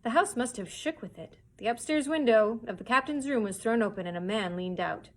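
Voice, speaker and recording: A woman, a children's librarian, reading a chapter book aloud for story time, pausing now and then to show pictures. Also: on the high side, lively intonation, low-quality recording. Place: public library.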